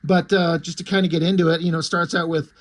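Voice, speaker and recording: Relaxed high-voiced man reviewing a comic. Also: fast. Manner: relaxed, amused, many fillers. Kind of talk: casual review, reading aloud.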